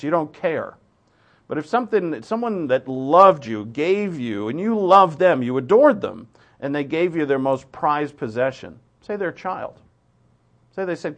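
Throat-clearing male preacher, conversational. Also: mid-range voice, big pitch swings, moderate pace. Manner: informal, with many fillers and restarts. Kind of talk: conversational sermon.

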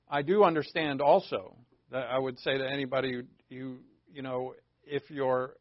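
Gravelly man preaching casually. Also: mid-range voice, no room sound. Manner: rhetorical questions, informal asides. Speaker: pastor. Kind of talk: conversational sermon. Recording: dull lo-fi dry recording.

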